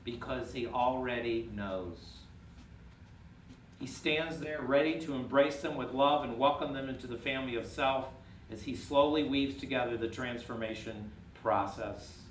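A man preaching a sermon, rising to emphatic peaks and dropping quiet and intimate. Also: mid-range voice, moderate pace, a little hiss or hum. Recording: echoey room, from far off.

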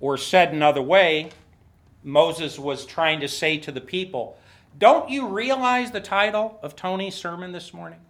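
A man preaching a sermon as a pastor, acting out quoted voices with big jumps in pitch and poking fun at himself. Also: unhurried, a bit bright. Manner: self-mocking humor, laughs at himself. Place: church.

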